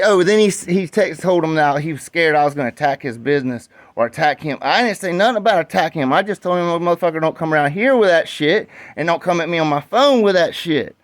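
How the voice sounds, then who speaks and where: A man's voice: a little high, lively intonation, fast talker, few pauses, no echo. A man with a Southern US accent telling a profane, rambling story as a dog breeder, talking bluntly in casual storytelling.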